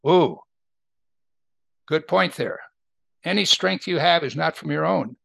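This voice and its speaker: A man's voice: on the high side, expressive, takes it slowly, creaky, sharp tone, no room sound. An older man teaching a Bible study in a conversational way, often checking in with his listeners. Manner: conversational, asks listeners to agree.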